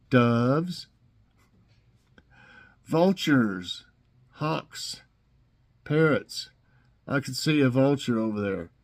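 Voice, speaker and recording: Slow-talking man, chuckling trivia host. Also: medium pitch, a little mellow. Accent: Southern US. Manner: joking, chuckling, acts out silly answers. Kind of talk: casual trivia and jokes.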